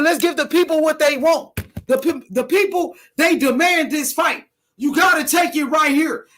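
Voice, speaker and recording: A man from a boxer's camp loudly calling out an opponent in hyped, profane, repetitive trash talk. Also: very high-pitched, normal speed. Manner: loud, repetitive, profane rallying.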